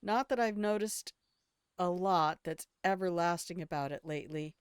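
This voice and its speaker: An older woman voicing a proud, boastful male dwarf healer, reading the lines slowly without putting on an accent. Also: fairly low pitch, clean tone, dry recording, studio quality, natural voice. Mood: grumbling. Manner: reads game dialogue slowly in her own voice, no accent.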